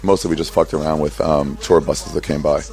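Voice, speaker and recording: A man in his thirties hosting a podcast, rambling and swearing as he tells an animated story in casual chat. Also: a bass voice, fairly quick, faint music behind. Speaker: podcast host. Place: outdoor patio by a street.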